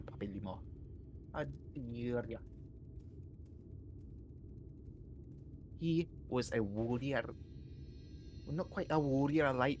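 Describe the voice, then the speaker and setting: A man putting on a Scottish accent as a brash, crude mum persona, talking loudly and rambling. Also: mid-range voice, lightly acted. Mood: indignant. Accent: put-on Scottish. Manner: loud, rambling, vulgar. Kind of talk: casual stream banter.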